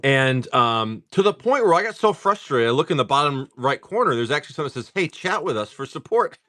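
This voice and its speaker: A man hosting a live stream, rambling casually, swearing freely, and reading off card names in quick lists. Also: mid-range voice, sing-song, sharp tone, no room sound. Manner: rambling, swears freely, laughs often at chat. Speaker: live-stream host opening card packs.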